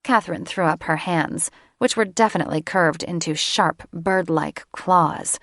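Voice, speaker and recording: A woman reads fantasy romance in a slow, deliberate style. Her voice sits low with a gravelly fry. The sound is close and dry, as from a studio booth mic. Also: fairly bright tone, no room sound. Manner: slow and measured. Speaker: audiobook narrator. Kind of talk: scripted fantasy romance narration.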